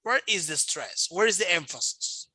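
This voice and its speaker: Man, english teacher, online lesson, very bright voice, dry close sound, patient and repetitive. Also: high-pitched, animated, normal speed, no echo. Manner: patient, repeats himself, models word stress. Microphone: video call.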